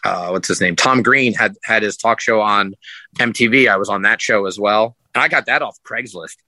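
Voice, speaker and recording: A man with a lowish voice at normal speed tells meandering stories as a podcast guest, a sideshow performer who animatedly voices quotes in a raised tone. There's no echo, though the recording is low quality.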